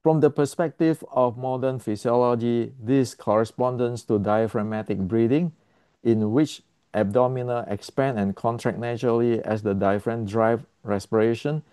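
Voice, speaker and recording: Man teaching martial arts, blunt and emphatic, repeats himself, clears his throat, warm dark tone, dry close sound. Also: medium pitch, fairly even intonation, moderate pace, no echo. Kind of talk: explanatory lesson to camera.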